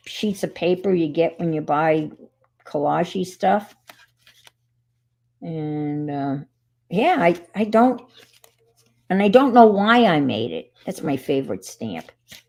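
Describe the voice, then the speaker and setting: Slow, gravelly-voiced woman chatting while crafting. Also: sits low, lively intonation, darkish tone. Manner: rambling, self-deprecating, chatty with trailing asides. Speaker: crafting livestream host. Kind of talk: casual craft demonstration chat.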